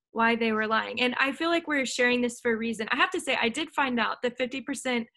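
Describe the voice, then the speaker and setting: A woman with a fairly high voice hosts a podcast, responding to her guest in an affirming, encouraging way. She speaks conversationally, building on his points. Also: pushed and bright. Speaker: podcast host.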